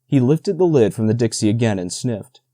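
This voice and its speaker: A man narrating an audiobook in a steady, even storytelling manner, close to the mic. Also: mid-range voice, moderate pace, no room sound. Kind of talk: scripted narration.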